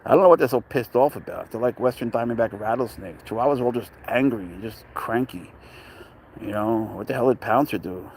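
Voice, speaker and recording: Man, mid pitch, loose joking chatter outdoors, faint ambient noise behind. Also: a little fast, darkish tone. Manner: joking, talks to his cat and greets viewers. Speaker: pet owner vlogger. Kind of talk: casual rambling chat. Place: outdoor dog park.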